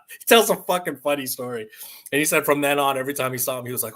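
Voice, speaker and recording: A man talking casually to camera during an unboxing, rambling and swearing, with loud bursts of excitement, recorded at home on a camera mic. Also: medium pitch, fairly quick, low-quality recording. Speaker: vlogger. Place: someone else's home. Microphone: external mic on camera.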